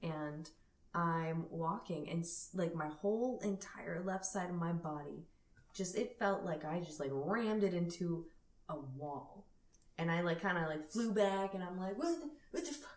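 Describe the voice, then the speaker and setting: A woman's voice: lowish voice, unhurried, distant mic. A woman guest on a podcast telling a story in a giggly, chatty way. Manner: giggly, tells stories with bursts of laughter. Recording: echoey room with crowd noise.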